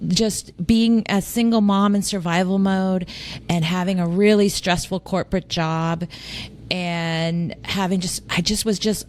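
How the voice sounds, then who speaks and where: A woman podcast co-host telling a personal story candidly in conversation, animated, speeding up in quick bursts. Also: medium pitch.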